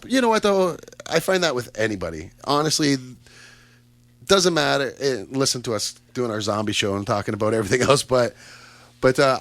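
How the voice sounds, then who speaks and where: A Canadian man hosting a casual radio chat show, upbeat and chatty with lots of fillers and asides. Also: mid-range voice. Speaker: radio host. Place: radio studio.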